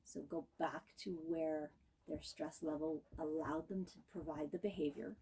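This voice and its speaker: A woman dog trainer giving calm, patient instruction while working with a puppy, coaxing and praising it. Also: deep voice, moderate pace, breathy edge. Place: indoor training room.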